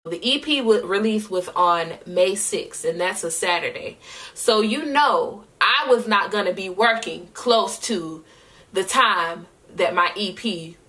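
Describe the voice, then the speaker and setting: A woman's voice: medium pitch, expressive, pushed and bright. A young woman vlogging about her year as a singer, heartfelt and at times tearful. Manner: emotional, tearful, heartfelt, slow-spoken. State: crying at times. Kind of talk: personal vlog talk.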